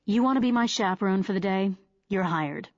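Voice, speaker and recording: A woman voicing a sharp, guarded female criminal expert who answers in terse, clipped retorts, in a dull, dry recording. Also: mid-range voice, lively intonation, a little fast, no echo, lightly acted. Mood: dry sarcastic.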